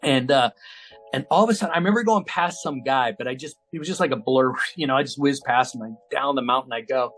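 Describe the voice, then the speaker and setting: An American man in his fifties, a guest in an interview, telling a story with lively energy and acting out the voices of the people in it. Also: medium pitch, quick pace. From United States. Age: 50s. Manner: lively, acts out quoted voices, many fillers.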